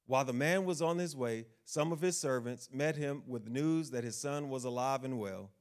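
A man's voice: mid-range voice, moderate pace. A man preaching a sermon, asking the congregation questions and acting out the figures of the Bible story in quotes.

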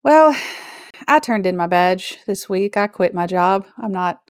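A woman's voice: mid-range voice, expressive, unhurried, no room sound. Chatty woman telling a story, dry sound. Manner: chatty, self-deprecating storyteller. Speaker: podcast co-host. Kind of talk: casual chat and storytelling.

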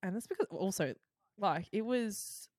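A woman co-hosting a casual podcast chat, excitable and full of quick asides. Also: mid-range voice, no room sound, clean studio sound. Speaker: podcast co-host.

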